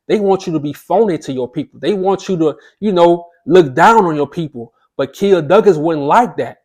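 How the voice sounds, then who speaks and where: A man's voice: on the high side, moderate pace, hardly any pauses, darkish tone. A man reading passages aloud and then breaking into impassioned, emphatic commentary full of rhetorical questions. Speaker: commentary channel host.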